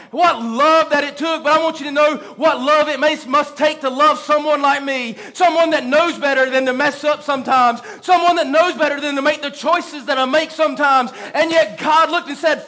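A man preaching a fervent sermon in a church, rising to shouts and drawing out quoted lines. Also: very high-pitched, steady tone, moderate pace, few pauses. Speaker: pastor.

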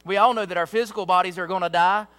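A man with a very high, bright, forceful voice delivers a sermon. He leans hard on emphatic, repeated phrases as he preaches. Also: fairly even intonation, fast, clean tone.

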